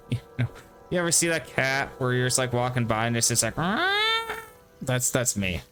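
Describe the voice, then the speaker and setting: A man's voice: medium pitch, a little fast. A man talking loosely over his gameplay in a mid-range voice, rambling and cursing as the thoughts come. His tone is casual and self-deprecating, with faint game music underneath. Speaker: gameplay streamer.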